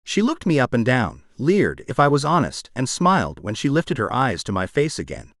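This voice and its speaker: A man reads a first-person romance audiobook with a wry, self-aware storyteller's touch. His pitch moves through a very wide, animated range at a middling level. The sound is dry and close, with no room around it. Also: moderate pace, few pauses, no echo. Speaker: audiobook narrator.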